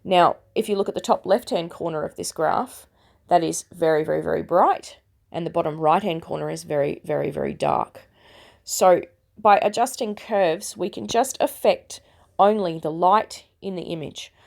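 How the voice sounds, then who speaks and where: A woman in her thirties, hoarse and croaky from a cold, with a gravelly edge to her voice. She explains a photo-editing tutorial in a chatty, self-deprecating way, one step at a time. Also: on the low side, moderate pace, a little mellow. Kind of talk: casual screen-recorded tutorial.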